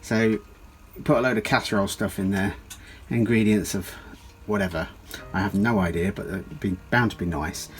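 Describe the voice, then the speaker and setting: A man's voice: lowish voice, normal speed, slight background noise. A man vlogging casually on a narrowboat, rambling and jokey with lots of fillers. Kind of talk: casual vlog chat.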